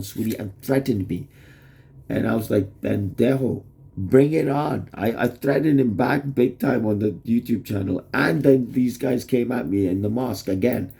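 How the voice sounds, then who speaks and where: A man's voice: medium pitch, vocal fry, warm tone, breathy edge. A man rambling in a casual vlog monologue to the camera, swearing and restarting his sentences as he goes. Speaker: vlogger. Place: Toronto area.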